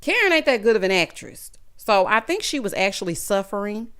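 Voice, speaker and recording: A woman's voice: mid-range voice, a little fast, smooth. A woman recapping a reality show in casual, sassy commentary, acting out the cast's lines. She is just getting over being sick. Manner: sassy, animated, acts out quotes of cast members. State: recovering from illness. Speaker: recap vlogger.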